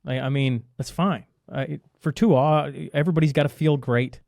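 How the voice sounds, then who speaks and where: Emphatic man, higher-pitched voice. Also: steady tone, moderate pace, creaky, darkish tone, no echo, studio quality. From Canada. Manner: emphatic, ranting, answers his own rhetorical questions. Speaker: podcast guest. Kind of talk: casual conversational interview.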